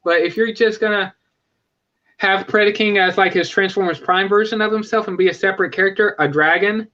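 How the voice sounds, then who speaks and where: Bright high-voiced man chatting casually. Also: fairly even intonation, fairly quick, dull audio. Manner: rambling, self-correcting, enthusiastic. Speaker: live stream host. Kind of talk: casual fan chat.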